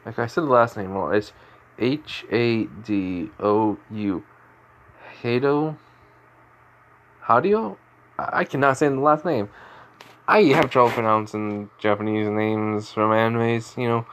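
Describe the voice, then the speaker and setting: A man's voice: on the low side, unhurried, smooth, rough recording. A man telling an improvised fan-fiction story in a rambling way, with frequent restarts and self-corrections.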